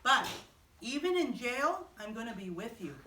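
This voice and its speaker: A woman voicing God in a children's Bible story, speaking softly and slowly to comfort, recorded from afar in an echoey room. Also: fairly high pitch, sing-song, recorded from a distance, a little hiss or hum, pitched below the performer's own voice. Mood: reassuring. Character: God, calm reassuring voice to Joseph.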